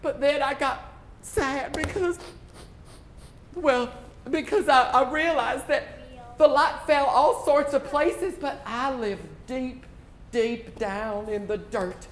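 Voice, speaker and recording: A man's voice: extremely high pitch, slow pace, a bit bright, full character voice. A man voicing a small, touchy female garden worm in a live children's puppet play, huffy and accusing. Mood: plaintive. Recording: echoey room, faint noise.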